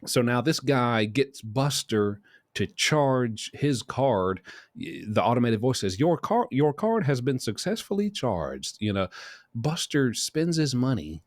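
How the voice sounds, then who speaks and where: Low-voiced man giving casual commentary. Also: dry recording. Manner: chatty, shifts into quoted voices. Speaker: host.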